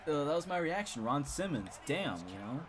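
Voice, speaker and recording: A man's voice: a little high, big pitch swings, normal speed, noisy background. A young man casually telling a funny school story on a live stream, rambling with lots of repeats and chuckles.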